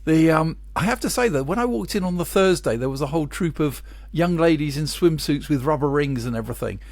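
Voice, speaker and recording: Good-humoured anecdote-telling co-host. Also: male voice, on the high side, animated, a little fast, darkish tone, no echo. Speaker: podcast co-host. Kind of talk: casual podcast chat.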